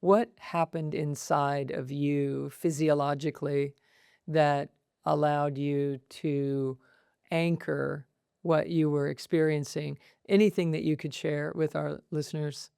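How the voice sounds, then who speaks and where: Woman podcast host, slow flat delivery, smooth dry sound. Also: low voice, no room sound. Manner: slow, searching questions. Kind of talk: podcast interview.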